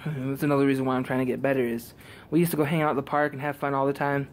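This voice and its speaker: A man recording a casual vlog outdoors in a driveway, out of breath and talking in halting, quiet, earnest phrases. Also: medium pitch, level tone, slight background noise. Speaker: vlogger. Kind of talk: casual vlog talk to camera.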